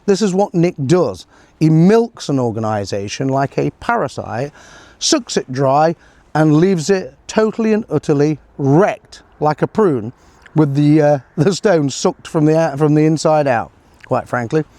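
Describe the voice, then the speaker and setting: A man's voice: fairly high pitch, expressive, a little slow, dark tone, dry recording. A middle-aged man giving a sarcastic, rambling political commentary, full of fillers and chuckles. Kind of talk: casual solo commentary.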